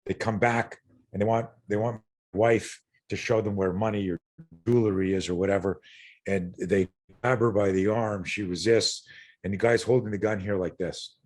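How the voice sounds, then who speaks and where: A man's voice: on the low side, steady tone, normal speed. A middle-aged man, a self-defense instructor, telling a personal story as a podcast guest, blunt and earnest, swearing freely and stumbling over repeated words. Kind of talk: candid interview storytelling.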